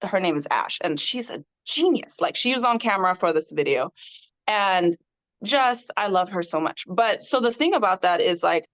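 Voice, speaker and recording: A woman guest on a podcast interview, an independent artist telling her story in an animated way with frequent laughter. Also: mid-range voice, moderate pace.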